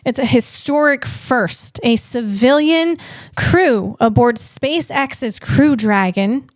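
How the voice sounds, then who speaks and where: A woman comedian hosting a podcast, delivering a rambling, animated comic monologue full of restarts. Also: fairly high pitch, slow, no room sound, clean studio sound.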